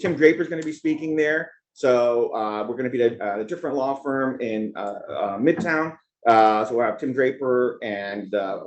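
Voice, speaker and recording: A man opening an investor gathering with loose, conversational remarks that wander from one aside to the next. His voice sits at a middle pitch and keeps an easygoing, chatty flow. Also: dull audio. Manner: rambling, conversational, jumps between asides. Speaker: event host and organizer. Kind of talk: opening remarks at a business event.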